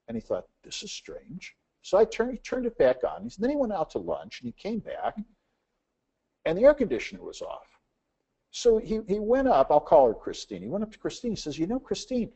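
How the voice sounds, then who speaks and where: A man presenting to business owners, telling stories and acting out both sides of each exchange. His voice is fairly high, warm and slightly husky, and it swings up and down a lot. The audio is dull and lo-fi. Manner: acts out dialogue in anecdotes, frequent "uh" fillers.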